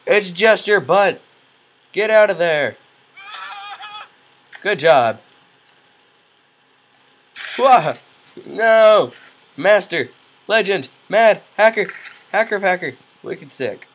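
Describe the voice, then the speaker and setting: A man doing goofy, excitable let's play commentary, yelling reactions and cracking self-mocking jokes. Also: sits high, drawn-out words, pauses often, a little hiss or hum, low-quality recording. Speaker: gaming commentator.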